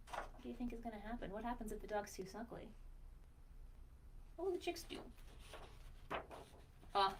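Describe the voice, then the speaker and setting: A woman librarian reading a picture book aloud to young children in a sing-song way, pausing to ask questions and count slowly. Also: mid-range voice, lively intonation, creaky, a little hiss or hum.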